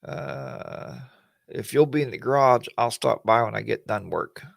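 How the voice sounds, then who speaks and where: A man's voice: mid-range voice, unhurried, vocal fry, dry recording. A man hosting a casual weekly livestream chat, rambling in a folksy way and greeting viewers by name.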